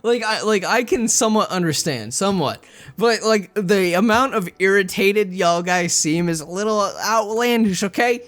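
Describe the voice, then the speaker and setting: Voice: mid-range voice, animated, unhurried, fairly bright tone. Someone reading a visual novel aloud, breaking off into rambling commentary full of "like" and "okay?".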